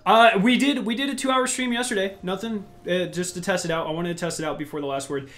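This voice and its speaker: A man's voice: high voice, fast, a bit bright. A young man hosting a casual gaming podcast from home, rambling upbeat with many restarts. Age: young adult. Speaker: podcast host.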